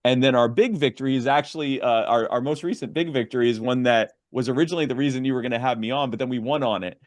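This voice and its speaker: A man's voice: mid-range voice, fast, no room sound. Earnest man explaining a bill. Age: 40s or older. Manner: earnest, many restarts and fillers. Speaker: advocacy group guest. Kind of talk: interview, explaining legislation.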